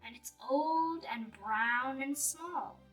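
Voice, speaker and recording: A woman voicing a small, timid but clever female mouse in a read-aloud storybook, squeaky and coaxing. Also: slow pace, a bit bright, distant mic, faint music behind. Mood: sweetly coaxing. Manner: squeaky, pleading then sweetly coaxing.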